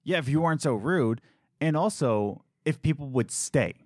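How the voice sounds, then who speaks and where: Young man, podcast co-host, animated storyteller, lively pitch, dry close sound. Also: moderate pace, no room sound. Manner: animated storyteller acting out quotes. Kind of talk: casual chat.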